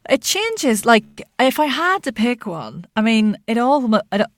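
A woman who is a voice actor and accent coach, chatting as a podcast guest in an animated way, laughing often and using many fillers. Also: fairly high pitch, unhurried, no echo. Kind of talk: casual interview chat.

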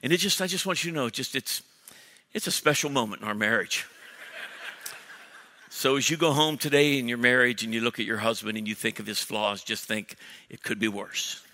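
A male pastor bursting with energy, joking with his congregation and tripping into quick restarts. His voice is bright and sharp, and it is carried on a stage mic into a big auditorium where a long reverb trails every phrase. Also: mid-range voice. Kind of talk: sermon announcements. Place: large church auditorium. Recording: long church hall reverb.

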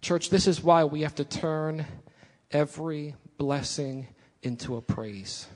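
High-voiced preacher man in a reverberant hall. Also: unhurried, darkish tone. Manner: preaching with rising emphasis and repeated lines. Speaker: pastor. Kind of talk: sermon.

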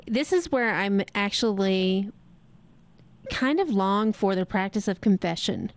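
A woman's voice: mid-range voice, expressive, unhurried. A woman hosting a conversational interview, engaged and agreeable, asking follow-up questions. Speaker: podcast host.

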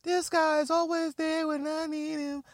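A man mockingly voicing a naive, gushing young woman in a soft, high falsetto. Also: little pitch movement, moderate pace, no echo, clean studio sound.

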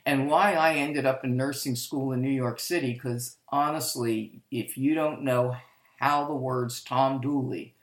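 A woman's voice: a bass voice, roomy sound. An older woman telling her life story in a candid, rambling way, often correcting herself, recorded at home. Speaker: podcast storyteller. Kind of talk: personal life-story monologue.

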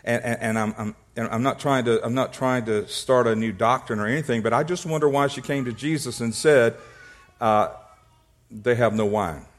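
A man preaching as a pastor, telling humorous stories and acting out little scenes, often repeating words and clearing his throat. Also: mid-range voice, a little fast. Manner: repeats words and restarts when excited. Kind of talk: sermon.

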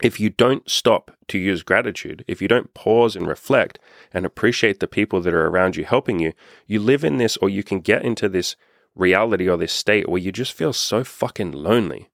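A young man coaching with earnest, emphatic energy and the odd casual swear. His voice sits very low, and the sound is dry and close with no room around it. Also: a little fast, vocal fry, no echo. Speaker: self-improvement coach. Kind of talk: casual motivational monologue.

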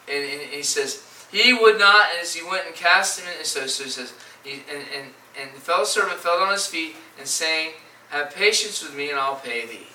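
A man's voice: on the high side, pushed and bright, a little hiss or hum. A man preaching a sermon, often stumbling and repeating words, reading scripture in old-style phrasing. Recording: echoey room from far off.

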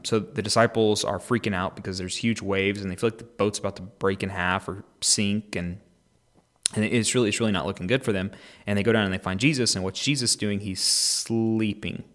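A man's voice: on the low side, steady tone, a little fast, fairly bright tone. A man hosting a daily Bible podcast, explaining a passage in a conversational way and then praying aloud earnestly. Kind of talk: devotional Bible reading and prayer.

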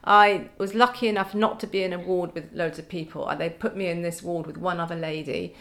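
A woman's voice: fairly low pitch, fairly even intonation, a little fast, a bit bright. A middle-aged woman, a podcast guest telling stories in casual chat with wry humour and frequent laughter.

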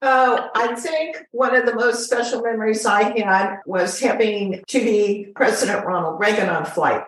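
A woman's voice: on the high side, unhurried, distant mic. Chatty older woman in an echoey room. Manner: chatty, animated storyteller. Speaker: guest, former flight attendant. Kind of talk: storytelling in an interview.

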